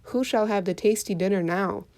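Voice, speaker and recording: A woman's voice: medium pitch, normal speed, a little mellow, close to an everyday voice. A woman voicing a cruel, boastful male king of sharks who rages and gives commands in a storybook reading. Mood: gloating. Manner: raging and commanding.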